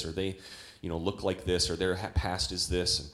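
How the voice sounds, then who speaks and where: A young adult man preaching a sermon in a church, talking conversationally with many rhetorical questions and animated quoted voices. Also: sits low, brisk, roomy sound. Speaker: pastor. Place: church hall.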